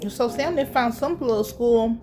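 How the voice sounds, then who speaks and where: A woman giving a casual, sassy and profane recap of a TV episode with lively asides. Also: a little high, normal speed, faint music behind. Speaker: show recap host.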